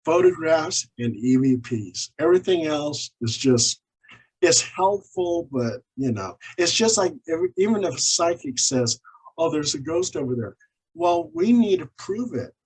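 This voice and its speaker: On the high side and unhurried, this man's voice has a breathy edge, captured in poor audio. He's a guest in an interview, a paranormal investigator and author spinning lively anecdotes about his cases and performing the dialogue.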